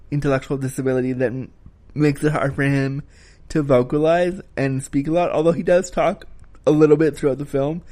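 A man's voice: a little high, mellow. A man giving a casual spoken film review, talking frankly and critically, with the occasional swear word.

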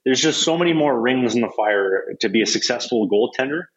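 A young man, a hockey goalie telling stories in a casual, profane, animated way with lots of restarts. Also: mid-range voice, fairly quick, breathy edge, muffled recording. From Canada. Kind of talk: casual storytelling chat.

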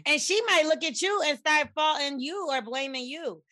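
A woman's voice: high-pitched, normal speed, pushed and bright, no echo, studio quality. A woman co-hosting a podcast in casual chat, blunt and profane, acting out quoted conversations with animation. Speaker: podcast co-host.

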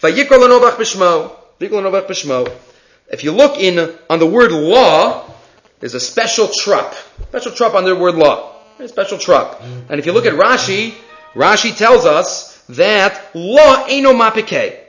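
A man teaching a Torah class in a high, lively voice that swoops up and down as he tells stories with sing-song emphasis. The recording sounds dull and lo-fi. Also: unhurried.

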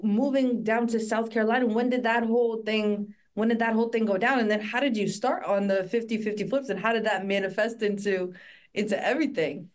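A woman's voice: on the high side, fairly even intonation, fairly quick. Gushing woman podcast host. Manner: gushing, enthusiastic. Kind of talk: casual interview talk.

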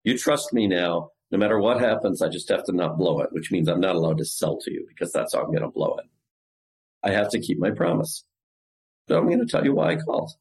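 Man, fairly low voice, very lively pitch; CEO guest on a podcast, acts out sales-call lines with big swings. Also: brisk, creaky, poor audio. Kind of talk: podcast interview explaining sales technique.

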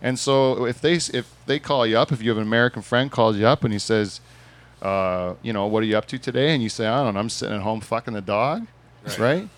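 A man's voice: lowish voice, quick pace. A Canadian man hosting a casual talk show in a bar, telling rambling jokey stories with lots of fillers. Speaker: podcast host. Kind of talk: casual chat. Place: bar with a small studio audience.

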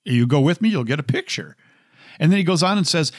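A man's voice: a little high, animated, fast, no room sound, studio quality. Middle-aged man, emphatic Bible teacher. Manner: emphatic, repeats verses in shifting cadences; conversational, addresses listener directly.

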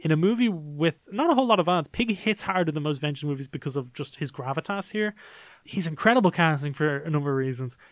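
Eager higher-voiced male film critic. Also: expressive, fast talker, dry recording. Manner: enthusiastic, analytical, many fillers like "like" and "um". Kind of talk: casual review discussion.

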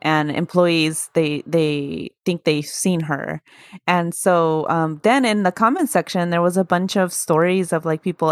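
Speaking at a measured pace in a lowish voice, a woman co-hosts a casual spooky podcast, mixing chat with storytelling. She's lively, laughs a lot, and acts out quoted voices, with no echo on the recording.

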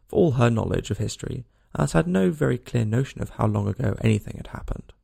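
Gravelly man reading a storybook. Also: medium pitch, fast talker, hardly any pauses. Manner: expressive, lilting storytelling. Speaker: narrator.

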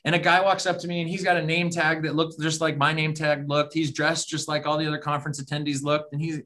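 Rambling, slightly high-voiced male podcaster. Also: level tone, quick pace, bright, forceful tone. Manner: rambling storyteller, many fillers and self-corrections. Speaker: podcast co-host. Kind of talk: casual podcast chat.

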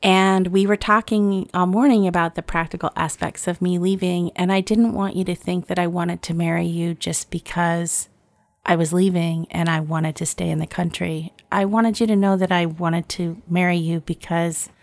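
A woman's voice: on the low side, normal speed, dry recording. A woman in her forties telling a personal story in casual conversation, acting out the dialogue and laughing often. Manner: lively storyteller who acts out quoted dialogue and laughs often.

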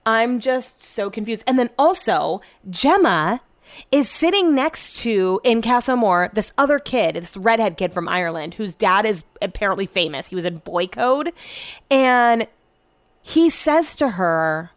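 A woman's voice: a little high, expressive, measured pace, no echo. A young woman from the United States talking casually to her viewers, rambling and chatty with lots of filler words and casual swearing. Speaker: vlogger.

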